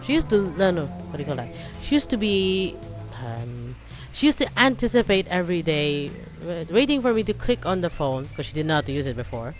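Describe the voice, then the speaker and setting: A woman reads a story game aloud and chats between the lines, rambling and filler-heavy. Her pitch swoops with lively range. Game music sits clearly underneath. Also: a little fast. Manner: rambling, animated, frequent fillers. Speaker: let's play gamer. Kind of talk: casual game commentary and reading aloud.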